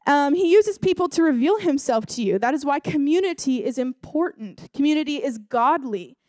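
Young woman, high voice, casual sermon, chatty with fillers, dry sound. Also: lively intonation, moderate pace, a little mellow, dry recording. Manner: chatty, with many fillers and acted quotes. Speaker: speaker at a church service.

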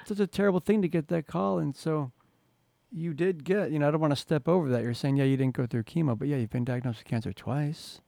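A man hosting an interview, speaking sympathetically and gently rephrasing what his guest said. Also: on the high side, fast talker, gravelly, no echo. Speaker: host. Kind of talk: interview conversation.

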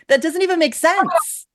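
A woman's voice: very high-pitched, a bit bright. A woman hosting a talk show, introducing her guest and speaking emphatically in casual political chat. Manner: emphatic, agreeing, fast asides. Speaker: show host.

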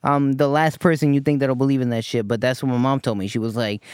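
A man's voice: mid-range voice, flat delivery, fast, hardly any pauses, darkish tone, smooth, no echo. Man, mid voice, casual podcast chat, emphatic and joking, swears freely, dry sound. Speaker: podcast co-host.

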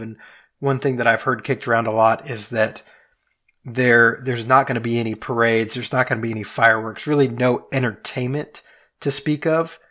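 A man hosts a relaxed podcast conversation at an ordinary pitch. He thinks out loud, hedges his claims and restarts his sentences as he goes. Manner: hedging, thinks aloud with restarts. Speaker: podcast host. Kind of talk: casual podcast chat.

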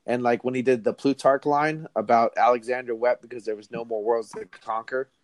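A man co-hosting a casual film podcast, blunt and animated, swearing casually. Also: medium pitch, fairly quick, no room sound. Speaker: podcast co-host. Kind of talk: casual movie discussion.

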